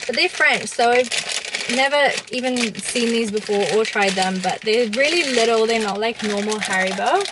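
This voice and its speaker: A bubbly young woman gushes through a casual vlog from her car, her voice sitting a little high. The recording is noisy, with car sounds rumbling underneath. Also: moderate pace. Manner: bubbly, gushing, filler-heavy. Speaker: vlogger. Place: inside a car.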